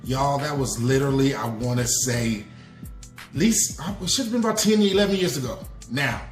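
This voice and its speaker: A man's voice: medium pitch, brisk. A man hosting a podcast, telling a personal confession in a loose, slangy storytelling manner and calling the listeners "y'all". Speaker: podcast host. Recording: echoey room with faint music.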